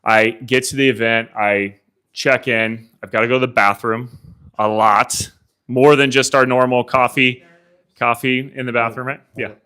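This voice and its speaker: A man coaching a room of agents live, telling an animated story of his own race, acting out his inner thoughts and swearing casually. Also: mid-range voice, moderate pace, clean tone. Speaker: CEO coaching real estate agents. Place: meeting room with a live audience.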